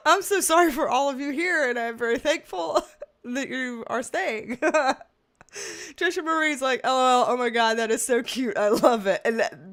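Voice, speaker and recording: A woman in her thirties hosting a casual livestream, reading comments and chatting with exasperated humor and frequent laughter. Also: a little high. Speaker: tarot livestream host.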